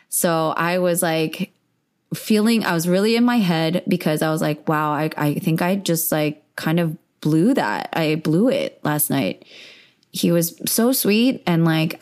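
A young woman with a slightly low voice hosts a podcast, telling a personal story. She talks candidly and casually, loose with fillers and quick to laugh. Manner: candid, chatty, frequent "like" and laughs. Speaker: podcast host.

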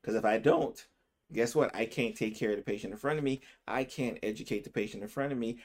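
Chatty man physician hosting a podcast. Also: medium pitch. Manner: conversational, often checks in with "right?"; speeds up and slows down to stress words. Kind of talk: casual opinion commentary.

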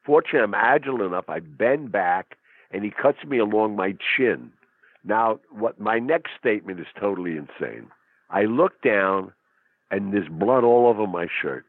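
A husky man telling a dramatic story in conversation, acting out quotes in a tough-talking way. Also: lowish voice, lively intonation, normal speed, no room sound. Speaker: interview guest. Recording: phone-like narrow sound, dry.

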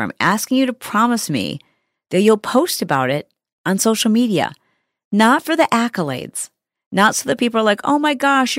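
A middle-aged woman hosting a podcast, telling a story in a chatty, animated way with lots of fillers. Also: medium pitch, no echo, clean studio sound. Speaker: podcast host. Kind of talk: casual podcast monologue.

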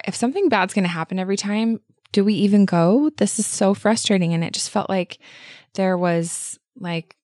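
A woman's voice: fairly low pitch, no room sound, studio quality. A woman co-hosting a podcast, telling a personal story in an earnest, enthusiastic way with lots of casual fillers. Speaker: podcast co-host.

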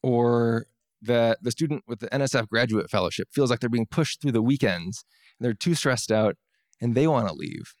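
A scientist telling a personal story to an audience, wry and self-deprecating, with halting restarts. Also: male voice, medium pitch, a little mellow, no echo, studio quality.

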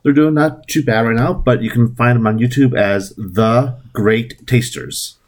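A man guesting on a casual podcast, halting and searching for words with many fillers. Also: mid-range voice. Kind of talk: casual chat.

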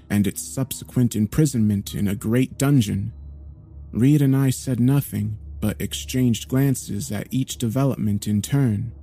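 A man narrating a horror story in a measured, grave storytelling manner. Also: medium pitch, warm tone.

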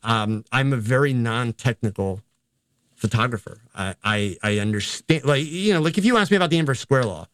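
A man's voice: medium pitch, lively intonation, a little fast, fairly bright tone, no room sound. An older man, a photographer and teacher, telling stories in a casual, rambling, self-deprecating way in an interview. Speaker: photographer and educator.

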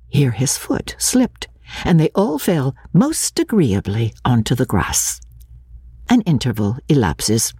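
A woman radio host narrating a classic novel in a measured, expressive dramatic reading. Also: very deep voice, slightly rough, dry recording, studio quality.

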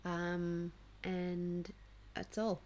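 Female podcast host, unhurried delivery, teasing, quick to laugh. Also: fairly low pitch, little pitch movement, darkish tone. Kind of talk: casual chat.

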